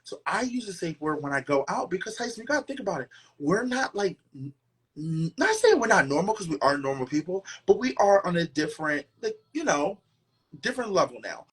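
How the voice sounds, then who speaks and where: A man hosting a casual podcast chat, dramatic and sassy in the way he talks. His slightly husky voice swoops up and down with lively expression. He talks loudly and with a lot of attitude. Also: high-pitched, brisk. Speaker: podcast host.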